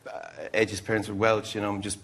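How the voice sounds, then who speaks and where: A man's voice: on the low side, monotone, brisk, a bit bright, husky. Rambling middle-aged man telling stories. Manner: rambling, self-interrupting storyteller acting out quotes. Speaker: guest musician. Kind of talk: anecdotal chat show storytelling.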